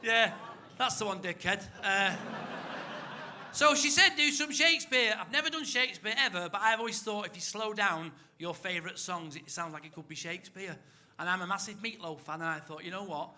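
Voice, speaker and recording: A Mancunian man in his fifties working a comedy club crowd, voice sitting fairly high for a man and sounding very bright and forceful. He talks in a brash, sweary, chatty way and keeps checking in with "right?". A faint hum of club ambience sits behind him. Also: fairly quick. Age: 50s. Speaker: stand-up comedian. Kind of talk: stand-up comedy set. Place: comedy club stage with audience.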